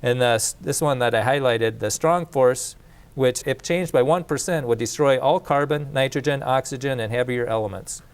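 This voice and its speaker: A man's voice: mid-range voice, moderate pace. A plain-spoken man lecturing. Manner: conversational, repeats and restarts, plain speech. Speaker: teacher of a creation course. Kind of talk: casual classroom lecture.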